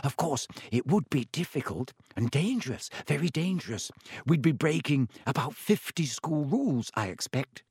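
A man's voice: on the high side, sing-song, moderate pace, breathy edge, no room sound, voice pushed up, exaggerated voice. Raised, lighter voice for a bossy, clever schoolgirl, read by a man, dry close sound. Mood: cautious. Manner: quiet, cautious, then impatient.

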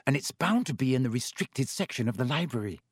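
A man voicing a clever, earnest schoolgirl who speaks quietly and cautiously, growing impatient. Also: medium pitch, very animated, quick pace, slightly rough, no echo, studio quality. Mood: insistent.

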